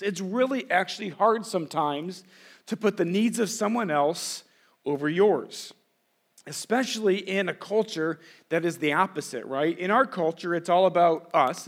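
A pastor preaching with a high, light voice. He is a middle-aged man who talks to the congregation in a conversational way and keeps asking them rhetorical questions. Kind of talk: sermon.

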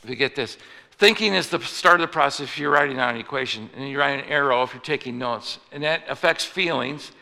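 A man's voice: medium pitch, brisk, vocal fry, sharp tone, in a large hall. A man preaching a sermon in a conversational way, often restarting his phrases and acting out little stories. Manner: conversational, with frequent restarts and acted-out anecdotes.

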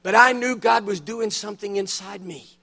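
Older male preacher with a fairly high voice who tells his story with big animated swings, bursting loud on the excited parts and dropping low and hushed on the solemn ones. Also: normal speed, creaky. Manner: drops to a hushed, low delivery on solemn points. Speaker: guest preacher. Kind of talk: sermon. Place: church conference hall.

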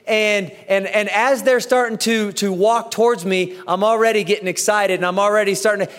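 A man in his thirties preaching a sermon, telling a story with lively acted-out dialogue. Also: high-pitched, fairly quick, hardly any pauses. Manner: animated storytelling, acts out dialogue. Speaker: pastor. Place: church auditorium. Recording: echoey church hall.

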